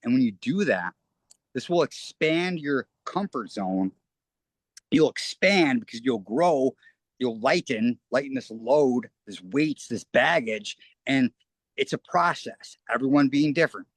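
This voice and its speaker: A man's voice: mid-range voice, animated, unhurried, dry recording. A man talking as an interview guest, rambling earnestly and often restarting his phrases. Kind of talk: casual spoken interview.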